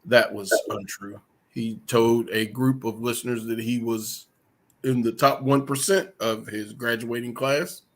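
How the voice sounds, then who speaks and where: A man co-hosting a podcast in casual chat, recounting things in a measured, matter-of-fact way. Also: mid-range voice, fairly even intonation, slight background noise. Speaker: podcast co-host.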